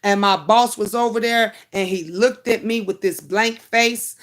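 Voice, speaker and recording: A woman's voice: mid-range voice, measured pace. A middle-aged woman hosting a livestream, telling a personal story to her viewers in a chatty, emotional way and calling them honey. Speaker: YouTube livestream host.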